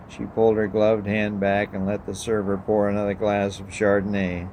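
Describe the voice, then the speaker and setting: A man reading a story aloud and then preaching a sermon, measured, asking the listeners questions. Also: on the low side, completely flat delivery, darkish tone, slight background noise, low-quality recording.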